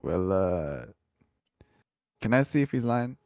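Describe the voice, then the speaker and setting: A man's voice: sits low, big pitch swings, slow, darkish tone, no echo, studio quality. A man playing a tabletop game, speaking in character in a hesitant way. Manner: gravelly, hesitant. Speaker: player.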